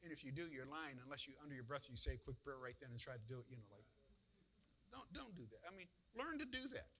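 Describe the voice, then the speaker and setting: Bright-voiced man preaching a folksy sermon. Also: medium pitch, sing-song, quick pace, rough recording. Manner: folksy, conversational preaching with emphatic bursts. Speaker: pastor.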